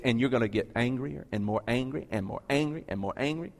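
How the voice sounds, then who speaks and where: A man preaching a sermon to a large congregation, asking rhetorical questions and swinging between low, quiet pleading and loud, emphatic preaching. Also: brisk, long reverb tail. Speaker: pastor. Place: large church with a balcony.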